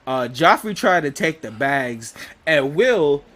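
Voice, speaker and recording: Man podcast co-host, slightly high voice, slangy, laughs a lot, stumbles and restarts. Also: slow. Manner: animated, slangy, laughs often, frequent restarts. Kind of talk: casual recap of a TV episode.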